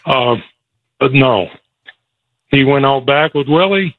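A man's voice: mid-range voice, slow, pauses often, no echo. A man telling a personal story as a phone-in guest, chuckling as he goes and moved at times. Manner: chuckling storyteller, gets emotional. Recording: tinny dry phone line.

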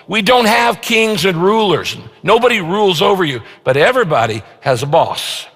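A man preaches from the pulpit with a somewhat high-pitched voice, stretching out important phrases for emphasis. His words ring out with the long reverb of a big church sanctuary. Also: fairly bright tone. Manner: emphatic, slows down to stress key phrases. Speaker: pastor. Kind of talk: sermon.

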